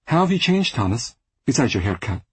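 A man's voice: mid-range voice, big pitch swings, brisk, breathy edge, no room sound. A man voicing an exasperated adult woman in an audiobook, subdued and sarcastic. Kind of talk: audiobook character voice.

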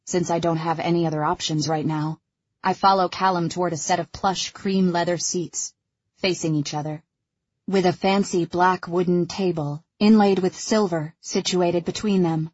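A woman narrating an audiobook in the first person, with a husky voice and an even, measured reading. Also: on the low side, no echo, dull audio.

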